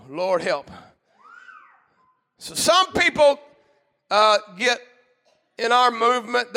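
A male preacher delivering a fiery church sermon, swinging from shouted bursts to low murmurs in a call-and-response cadence.

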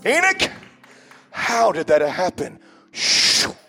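A man pastor preaching a sermon in a church, with a rhythmic cadence that swells into shouts and frequent "uh" breaths. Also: on the high side, lively intonation, a little slow, faint music behind. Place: church sanctuary before a congregation.

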